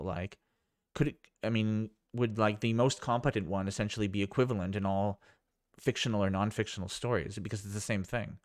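A man's voice: on the low side, dry recording, studio quality. A man vlogging a casual screen demo, rambling and thinking aloud with amazement. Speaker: tech vlogger.

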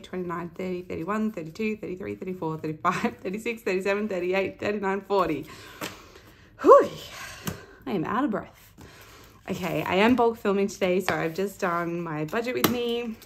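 A woman with an Australian accent hosting a chatty budgeting vlog, bubbly as she counts out cash and rolls dice. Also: medium pitch. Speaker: budgeting vlogger. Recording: loud background noise.

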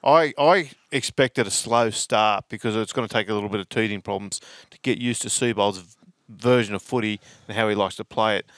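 Measured Australian man talking footy. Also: on the low side, a bit bright, no room sound. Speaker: podcast panellist. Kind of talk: casual sports chat. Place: studio.

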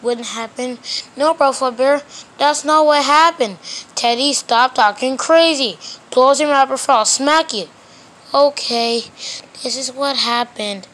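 Playing with plush toys, a woman voices many characters and switches between them rapidly, her talk loose and ungrammatical. She speaks in a high, fairly bright voice.

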